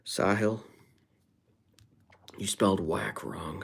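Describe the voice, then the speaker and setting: A man's voice: on the low side, lively intonation, measured pace. A man chatting casually on a live stream, playfully rhyming and dropping into whispers. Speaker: livestreamer. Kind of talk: casual live-stream chat with freestyle rhymes.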